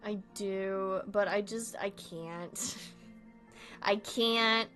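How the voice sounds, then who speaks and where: A woman's voice: mid-range voice, steady tone, extremely slow, fairly bright tone, soft background music. A young woman streamer in casual chat, rambling, giggling often and swearing freely.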